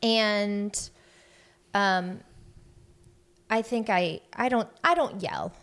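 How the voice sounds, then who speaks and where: Slow-talking woman telling a family story. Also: medium pitch, vocal fry. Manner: animated, acts out quotes with laughs. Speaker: podcast co-host. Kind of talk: casual storytelling chat.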